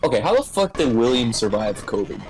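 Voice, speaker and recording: A man's voice: medium pitch, big pitch swings, brisk, heavy background noise. A man streaming a game with a friend, joking and laughing often as he chats. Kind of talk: casual gaming stream chat.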